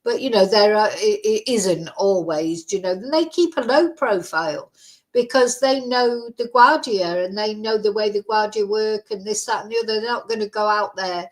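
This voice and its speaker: A woman hosts a true crime livestream in a mid-range voice at moderate speed. Chatty and rambling, she leans on lots of fillers in her casual commentary.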